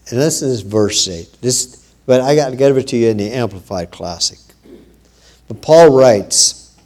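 Preaching in a conversational manner, a man leaves many pauses, and his voice rises in volume and pitch when he reads from scripture.

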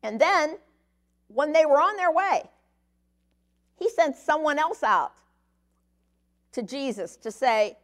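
A woman's voice: high-pitched, expressive, slow pace, pauses often, a bit bright. A middle-aged woman teaching a sermon-style Bible lesson, conversational, often checking in with her listeners. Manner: conversational teaching, frequent "okay?" check-ins.

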